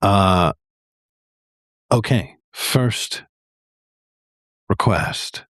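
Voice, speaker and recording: A man's voice: fairly low pitch, drawn-out words, a bit bright, no room sound, clean studio sound. A man hosting a livestream, reading a picture book aloud in a chatty, rambling way with many fillers. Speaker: livestream host reading stories. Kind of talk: casual read-aloud storytelling.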